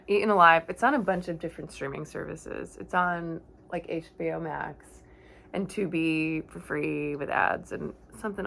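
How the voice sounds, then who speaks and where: A woman with a somewhat low voice retells a horror film from memory in a loose, conversational way. She wanders off on tangents, catches her own slips and corrects herself mid-sentence, talking like she's chatting with a friend. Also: gravelly. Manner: rambling, self-correcting, chatty asides. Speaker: horror movie vlogger. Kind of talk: casual movie recap from memory.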